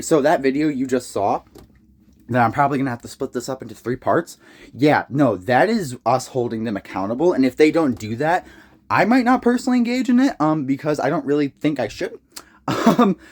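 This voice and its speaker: A man's voice: medium pitch, a little mellow. Young man ranting heatedly. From United States. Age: young adult. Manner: heated, profane, rambling with restarts. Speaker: political commentator. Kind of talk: casual rant to camera.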